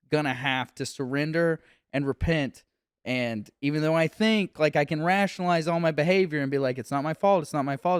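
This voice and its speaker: A man chatting casually on a comedy podcast, retelling scenes in an animated way, laughing often and filling with "like". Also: mid-range voice, clear, resonant tone, no room sound, studio quality. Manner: animated retelling, laughs a lot, many "like" fillers. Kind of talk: casual chat.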